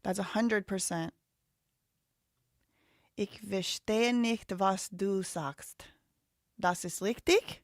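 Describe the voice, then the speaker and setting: A woman's voice: mid-range voice, slow pace, long pauses, no echo, studio quality. A woman in her thirties hosting a live stream, rambling casually and thinking aloud with lots of "like" fillers. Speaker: livestream host.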